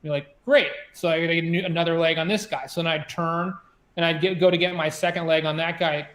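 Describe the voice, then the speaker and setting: Animated man telling a navy story, echoey room. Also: a little high, fast talker. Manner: animated, frequent "you know" and "like", many restarts. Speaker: interview guest, former submarine officer. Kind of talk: conversational storytelling.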